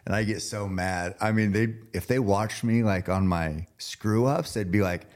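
Podcast host, male, very low voice, loose and jokey. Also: normal speed. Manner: rambling, jokey, laughs often. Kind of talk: casual interview chat.

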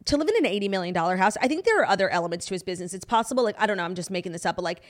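A woman's voice: mid-range voice, animated, very fast. A woman co-hosting a podcast, talking frankly and animatedly in casual chat, with casual swearing. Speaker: podcast co-host.

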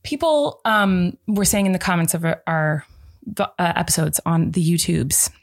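A woman's voice: fairly low pitch, normal speed, vocal fry. A young adult woman co-hosting a podcast in casual chat, laughing easily and talking over her partner. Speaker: podcast co-host.

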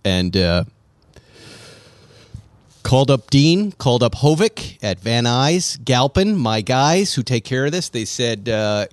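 A man in casual chat, telling a story with lively acted-out quotes. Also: medium pitch, slow pace, dry recording. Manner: animated storytelling, acts out quotes. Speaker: podcast host. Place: Los Angeles area.

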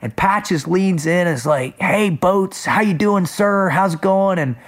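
Eager man spinning a quick story. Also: sits high. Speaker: founder of a kids program. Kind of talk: casual conversation, storytelling.

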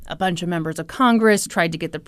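A woman's voice: on the low side, quick pace, clear, resonant tone, no echo, studio quality. A woman hosting a podcast, casually retelling a true-crime story with sarcasm and frequent swearing. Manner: profane, sarcastic, animated retelling. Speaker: podcast host.

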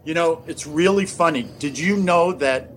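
A man chatting as a podcast guest, telling animated stories with frequent laughter. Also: a little high, moderate pace, a little hiss or hum. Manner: animated storyteller, laughs often. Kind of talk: casual chat.

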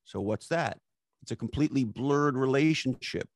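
A man's voice: medium pitch, moderate pace, dry recording. A man hosting a podcast conversation, talking emphatically and bluntly with casual swearing and catchphrases. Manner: emphatic, profane, uses catchphrases. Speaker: podcast host.

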